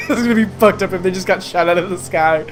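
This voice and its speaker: A gamer reading a story game's text aloud in a slow, soft storybook manner, with game music playing behind. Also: mid-range voice, slight background noise. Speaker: let's play gamer.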